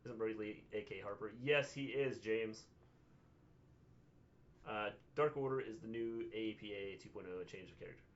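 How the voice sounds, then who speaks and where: A man co-hosting a livestream recap, speaking haltingly with many fillers and reading out viewer comments. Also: on the low side, muffled recording. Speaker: wrestling show co-host. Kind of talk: casual livestream recap chat.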